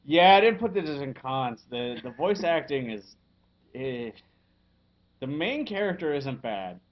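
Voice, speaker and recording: A man in a casual podcast chat, reviewing a game at a middling pitch. He keeps stopping on fillers and chuckling between points. The recording sounds dull and lo-fi. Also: very animated. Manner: halting, filler-heavy, chuckles often.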